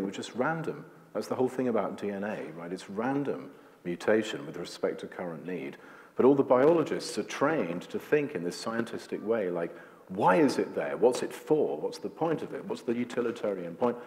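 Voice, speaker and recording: A man with a deep, slightly mellow voice is a guest at an onstage conversation before a screening, talking to an audience in a rambling, jokey way full of "like" and restarts. The recording has long hall reverb.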